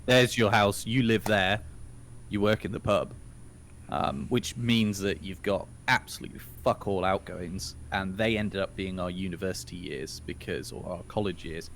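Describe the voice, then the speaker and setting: English guy chatting on a podcast, low voice, laughs a lot, bit of hiss behind. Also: moderate pace, fairly bright tone. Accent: standard southern English. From northern England. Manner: chatty, laughs often, swears casually. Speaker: podcast co-host. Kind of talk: casual chat.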